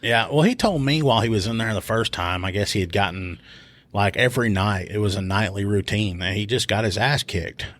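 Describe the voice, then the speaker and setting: A man's voice: on the low side, brisk, dry recording. A man, a police officer telling stories casually on a podcast and acting out what people said. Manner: animated retelling, acts out quotes in raised voice. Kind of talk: casual storytelling. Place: podcast studio.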